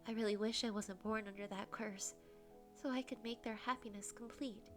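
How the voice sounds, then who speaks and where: A young woman with a soft, breathy voice reading a visual novel aloud in first person as a game streamer. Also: on the high side, steady tone, moderate pace, soft background music.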